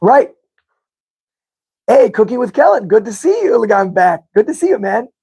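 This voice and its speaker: With a high, sing-song voice that's dark in tone and breathy at the edge, a man hosts a live sports fan podcast at normal speed. He reads the live chat and chats casually, repeating himself as he corrects his own stats.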